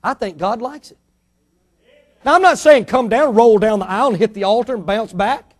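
High-voiced emphatic Baptist preacher, man. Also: moderate pace. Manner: emphatic preacher, rising and falling dynamically, rhetorical questions. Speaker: pastor. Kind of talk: sermon.

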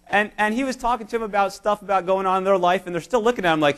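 A man's voice: high-pitched, racing, few pauses, a bit bright. A man preaching a sermon in church, speaking emphatically and telling stories to his congregation. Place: church service.

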